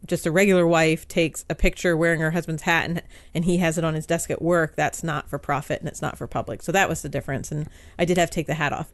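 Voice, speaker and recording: Woman in her 40s, guest columnist, chatty anecdote-telling, smooth clear voice, dry close sound. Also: on the low side, no room sound. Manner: chatty storytelling with frequent "um" and "like". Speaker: guest author, newspaper columnist. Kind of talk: casual podcast interview.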